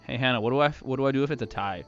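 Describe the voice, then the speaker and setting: A man narrating as game master of a tabletop game, casual and laughing, breaking into quick character voices. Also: mid-range voice, dull audio, soft background music.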